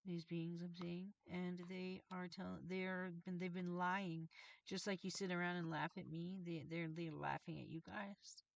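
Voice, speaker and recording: A woman's voice: lowish voice, flat delivery, normal speed, creaky, dry recording, dull audio. A woman reading tarot on a livestream, channeling messages in an agitated, profane, confrontational rant. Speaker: tarot reader and streamer.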